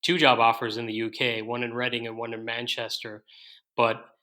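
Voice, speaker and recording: A man's voice: medium pitch, monotone, normal speed, sharp tone. An IT professional raised in Ireland with a slightly American-sounding Irish accent, an easygoing podcast guest who laughs often as he tells his story. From Ireland, born in New York. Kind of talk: casual interview chat.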